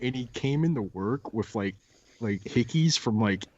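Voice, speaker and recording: A man's voice: mid-range voice, expressive, a little slow, darkish tone, dull audio. A young man guesting on a podcast, telling casual stories and acting out his old coworkers. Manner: laid-back storyteller, acts out coworkers with laughs. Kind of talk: casual chat, storytelling.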